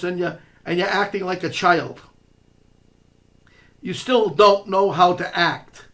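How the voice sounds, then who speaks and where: A man's voice: high voice, fairly bright tone. A man delivering a confrontational monologue, scolding and mocking someone he speaks to directly. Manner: sarcastic, mocking. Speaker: online commentator.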